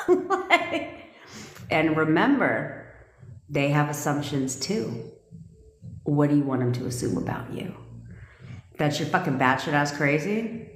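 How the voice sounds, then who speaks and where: A woman's voice: sits low, lively intonation, measured pace, pauses often, reverberant. A woman manifestation coach talking bluntly and profanely on a casual livestream rant, often laughing.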